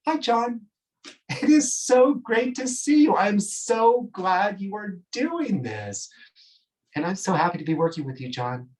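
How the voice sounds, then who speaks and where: A woman's voice: mid-range voice, very animated, measured pace, darkish tone, distant mic, voice pushed up. A man playing a gushing young woman singer.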